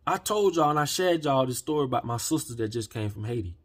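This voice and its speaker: Husky man ranting, heated and profane. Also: mid-range voice, expressive, fast talker. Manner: heated, profane, preachy, swings from quiet to shouting. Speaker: channel host. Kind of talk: impassioned rant to camera.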